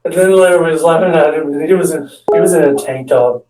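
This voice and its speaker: A man's voice: a little high, quick pace, a little mellow. A man telling a rambling comic story about his friends, with restarts and acting out what others said. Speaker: amateur stand-up storyteller. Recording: echoey room, mic far off.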